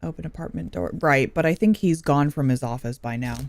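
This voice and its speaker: A woman's voice: deep voice, brisk. A woman streaming a video game, chatty and giggly, thinking aloud. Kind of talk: casual game commentary.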